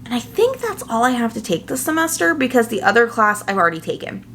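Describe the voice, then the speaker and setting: A young adult woman, a nursing student, chatting casually and earnestly to her viewers, full of fillers and quick asides. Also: on the high side, sing-song, a bit bright, slight background noise. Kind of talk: casual chat to camera.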